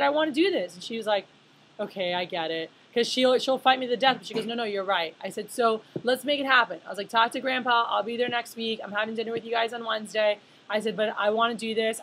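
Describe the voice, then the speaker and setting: Woman in her 30s, slightly high, husky voice, loose chatty conference speaker who polls the room. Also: a bit bright, low-quality recording. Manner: chatty, filler-heavy, asks the room questions. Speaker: leadership speaker. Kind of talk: conference talk to a live audience.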